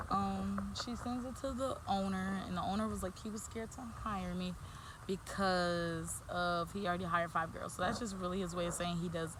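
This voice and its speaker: A woman's voice: lowish voice, background noise. A woman vlogger telling a casual storytime, rambling with lots of fillers and restarts.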